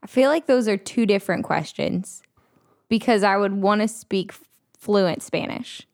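A woman's voice: mid-range voice, moderate pace. A young woman co-hosting a podcast in casual chat, playful and teasing, giggling often. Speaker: podcast co-host.

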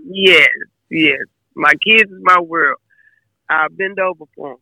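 A woman's voice: lowish voice, a little slow, a crowd in the background, rough recording. A woman talking casually as an interview guest about her son, emphatic and fond of repeating herself. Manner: chatty, emphatic, repeats phrases. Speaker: guest, mother of a football player.

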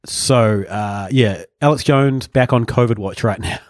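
A man's voice: lowish voice, unhurried, no echo, studio quality. A man hosting a podcast, telling stories in casual comedic chat and chuckling often. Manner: rambling storyteller, chuckling often. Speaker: podcast host.

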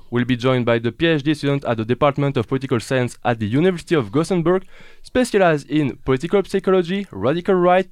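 A man's voice: on the high side, darkish tone, smooth, no room sound. A man with a French accent, a native French speaker, hosting a radio show and opening it with playful energy and wordplay. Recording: music playing under the voice. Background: music.

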